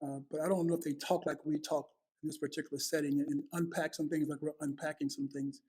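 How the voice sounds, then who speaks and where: A man's voice: a little high, level tone, fast talker, a little mellow, husky. A man in his fifties hosting a heartfelt family conversation, earnest, often repeating words as he starts a thought. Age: 50s. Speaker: host.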